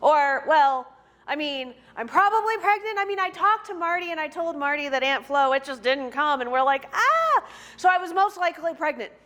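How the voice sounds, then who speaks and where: A woman's voice: high voice, expressive, normal speed, sharp tone. A woman playing a chatty newlywed wife, telling her story in a gushing, rambling way. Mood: giddy.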